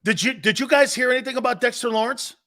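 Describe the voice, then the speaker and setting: Brash high-voiced sports talk host. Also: male voice, fairly even intonation, fast, bright, forceful tone. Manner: brash, blunt, emphatic, addresses listeners as dude. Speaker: sports talk show host and former player. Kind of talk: opinionated sports talk commentary.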